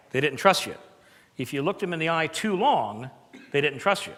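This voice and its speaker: A man giving a presentation-skills seminar in a lively, emphatic, conversational way with playful asides. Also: on the high side. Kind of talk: live seminar talk. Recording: long hall reverb.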